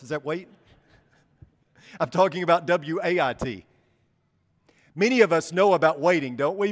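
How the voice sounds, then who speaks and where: Man preaching in a reverberant hall. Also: fairly high pitch. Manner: conversational preaching, asks the congregation questions. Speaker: pastor. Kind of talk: sermon.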